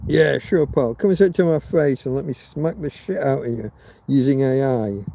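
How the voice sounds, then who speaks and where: A man's voice: mid-range voice, normal speed, creaky, lo-fi sound, slight background noise. A man from Britain hosting a rambling livestream chat, crude and joking, swearing freely. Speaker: livestream host. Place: outdoors in a field in Spain.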